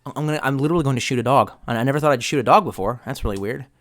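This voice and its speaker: A man's voice: mid-range voice, racing, fairly bright tone. A man streaming live, who rambles casually with lots of swearing and reads viewer comments aloud.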